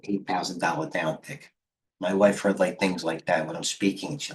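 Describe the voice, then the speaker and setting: A man's voice: low-pitched, fairly even intonation, moderate pace. A middle-aged man hosting a live trading stream, talking casually and rambling with jokes and muttered asides. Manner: rambling, joking, self-deprecating, mutters to himself. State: out of breath.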